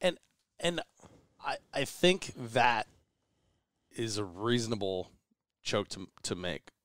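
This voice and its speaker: A man chatting casually on a podcast, his voice low-pitched and smooth. He talks in an easygoing, halting way, often restarting his sentences. The recording is dry and close, with no room sound. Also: big pitch swings, fairly bright tone, dry recording. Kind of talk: casual chat.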